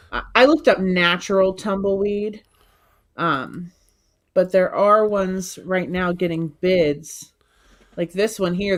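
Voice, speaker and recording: Playful woman co-hosting a live stream. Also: fairly low pitch. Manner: playful, laughing, keeps urging viewers on. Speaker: co-host of a live resale stream. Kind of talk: casual live-stream chat.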